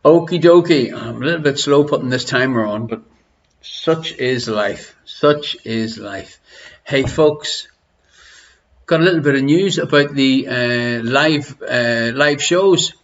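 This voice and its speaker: Chatty Irish quiz host, lo-fi. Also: male voice, mid-range voice, a little slow. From Ireland. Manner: chatty, teasing, greets viewers by name. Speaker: online quiz show host. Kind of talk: casual live-stream chat. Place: living room at home. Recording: lo-fi home stream audio.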